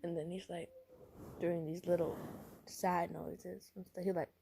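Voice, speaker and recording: A woman's voice: fairly low pitch, little pitch movement, unhurried, creaky, dark tone, slight background noise. Rambling young woman telling a story. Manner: rambling with many fillers and giggles. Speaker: storyteller for a listener role-play. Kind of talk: casual spoken storytelling.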